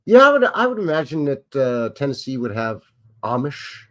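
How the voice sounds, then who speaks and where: A chatty Canadian livestream host with a lively pitch speaks at normal speed, rambling through casual live commentary over old footage. He greets viewers in chat by name.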